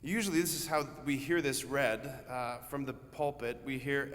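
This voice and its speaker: Earnest priest, church reverb. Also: male voice, medium pitch, steady tone, moderate pace, fairly bright tone. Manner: conversational, earnest, vivid storytelling. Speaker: Catholic priest. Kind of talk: homily.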